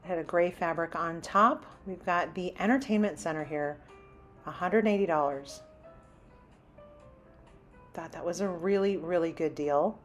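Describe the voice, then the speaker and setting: Pausing often, a woman with a lowish voice talks at a normal speed as she walks a big home improvement store for her shopping vlog. Faint music sits behind her chatty commentary, which includes prices for what she browses.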